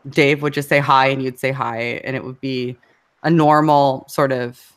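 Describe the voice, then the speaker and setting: A woman's voice: a bass voice, steady tone, a little slow. A woman as an interview guest, talking casually in a rambling way with fillers, restarts and frequent laughs. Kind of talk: casual conversation.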